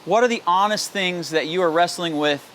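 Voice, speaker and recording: A man preaching a daily devotional with a fairly high voice. He speaks earnestly and candidly, in a personal tone, and often repeats his points with pleading emphasis. A faint hiss sits under the voice. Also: moderate pace, a bit bright. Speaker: pastor.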